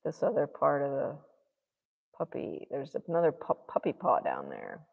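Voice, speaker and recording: A woman's voice: rumbling low, huge pitch swings, moderate pace, vocal fry, husky, in a large hall, narrow, tinny audio. A woman vlogger thinking aloud to herself as she paints, musing in murmured asides. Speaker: art vlogger.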